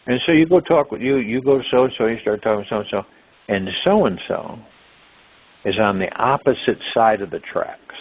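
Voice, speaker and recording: A medium-pitched, expressive man speaks at normal speed as host of a spiritual meditation call, musing and rambling with sudden lifts into acted-out quotes of what people might say. The sound arrives over a phone line as dull, lo-fi audio.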